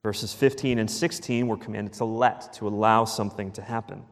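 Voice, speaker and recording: A man preaching a sermon as pastor, emphatic, repeating key phrases and dropping to a hush at the ends of lines. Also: fairly low pitch, steady tone, moderate pace, big-room sound.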